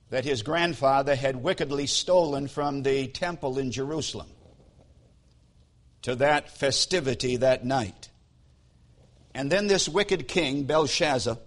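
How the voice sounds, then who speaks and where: A man preaching a sermon and retelling a scripture story in a deliberate, solemn way. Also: on the high side.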